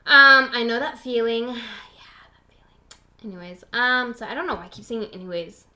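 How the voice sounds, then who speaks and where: A woman's voice: on the high side, expressive, fairly quick, bright, forceful tone. A young woman hosting her own podcast from home at a computer, rambling in loose casual chat, full of "like" fillers and the odd swear. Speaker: podcast host.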